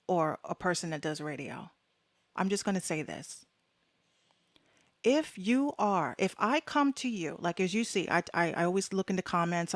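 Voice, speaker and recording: A woman's voice: medium pitch, dry recording, clean studio sound. A woman hosting her own podcast, giving blunt, fired-up opinions in slangy, frank talk with plenty of swearing. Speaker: podcast host. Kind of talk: casual solo talk.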